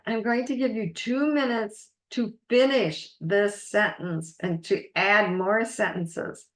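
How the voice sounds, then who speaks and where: A woman's voice: mid-range voice, echoey room. A woman life coach leading a masterclass, earnest and encouraging as she guides the listener through exercises.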